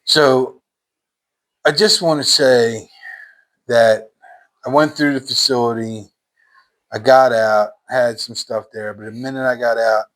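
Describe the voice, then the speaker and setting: A man's voice: medium pitch, fairly bright tone. Guy telling his faith testimony, fervent and emphatic, repeats himself, casual talk with ums. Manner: casual everyday speech with fillers. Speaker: person giving a personal faith testimony. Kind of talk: personal testimony monologue.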